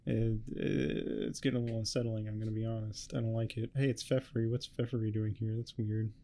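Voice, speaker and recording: A man giving a rambling, heavily swearing casual recap of a webcomic, tossing off quick quotes of the characters. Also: fairly low pitch, little pitch movement, vocal fry, mellow. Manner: swears a lot, rambling and offhand. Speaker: host. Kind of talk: casual comic recap commentary.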